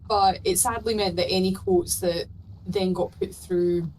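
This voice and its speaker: A woman's voice: fairly low pitch, steady tone, unhurried, darkish tone, slight background noise, low-quality recording. Chatty woman co-streaming. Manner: chatty, storytelling, swears casually. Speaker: co-streamer guest. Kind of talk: casual chat while gaming.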